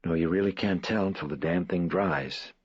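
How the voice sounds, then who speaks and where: A man's voice: sits low, normal speed, slightly rough, no echo, lo-fi sound. A man voicing a tired, wry mother muttering to herself in an audiobook. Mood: weary. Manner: dry, muttered inner asides.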